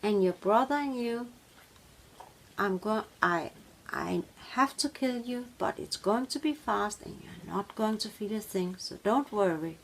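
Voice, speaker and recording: Cold menacing man with a knife, slow and gravelly in the telling, as a woman quotes him. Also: medium pitch, a little hiss or hum, poor audio. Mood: soft, menacing.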